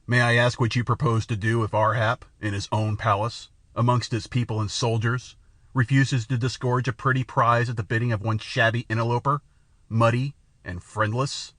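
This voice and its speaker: A man's voice: medium pitch, level tone, normal speed, fairly bright tone, no room sound, natural voice. A man voicing a haughty, superstitious alien king with a scornful, menacing manner in an audiobook reading. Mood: mocking. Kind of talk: audiobook character voice.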